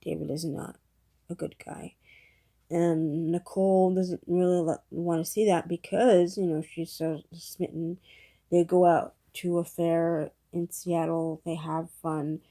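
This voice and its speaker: A woman's voice: lowish voice, level tone, measured pace, dark tone. A woman giving a casual, rambling spoken movie review, retelling the plot with lots of fillers.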